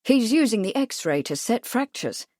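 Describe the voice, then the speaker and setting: A woman voicing a calm, measured gentleman explaining things in an audiobook. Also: a little high, no room sound. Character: Charles, calm amateur scientist gentleman.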